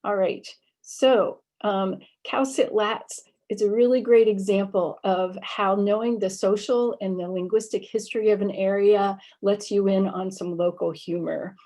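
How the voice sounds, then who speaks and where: A woman's voice: mid-range voice, steady tone, measured pace, warm tone. A woman professor giving a recorded library lecture on dialect features, explaining patiently with many ums and small self-corrections. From Michigan. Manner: explanatory, frequent fillers, apologizes while losing place. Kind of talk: lecture with slides.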